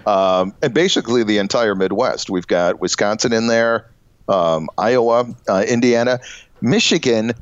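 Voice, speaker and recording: A man's voice: lowish voice, no echo. Rambling middle-aged man. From Illinois. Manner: rambling, halting, with frequent fillers and chuckles. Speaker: podcast co-host. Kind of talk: casual comedic chat. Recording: dull, dry lo-fi podcast audio.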